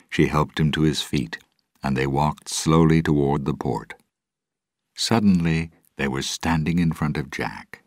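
A man narrating a storybook in a measured, deliberate read-aloud. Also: very deep voice, steady tone, husky, no echo, clean studio sound.

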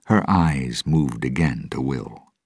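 A man narrating a storybook with a steady, deliberate reading. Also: a bass voice, no echo, clean studio sound.

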